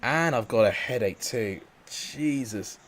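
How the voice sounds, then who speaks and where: A young man commentating football games live for viewers, excitable and out of breath. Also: mid-range voice, normal speed. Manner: shouts and laughs at goals, chats with viewers.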